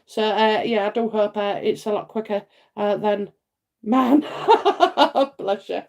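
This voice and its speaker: A woman's voice: mid-range voice, level tone, a little slow, gravelly, a little mellow. A middle-aged British woman doing a casual psychic reading on a live stream, rambling on with lots of fillers and tag questions and laughing often. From United Kingdom.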